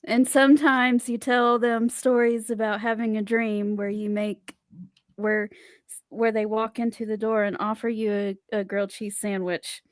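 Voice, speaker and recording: A woman co-hosting a casual chat, chatty and quick to laugh. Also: fairly high pitch, little pitch movement, no echo. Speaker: podcast co-host.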